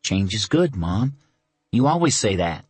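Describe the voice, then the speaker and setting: A male narrator voicing a fifteen-year-old son who is quick, teasing and defiant, a little higher than his own voice. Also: very animated, a little mellow, slightly rough, no echo, heavily acted. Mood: playful.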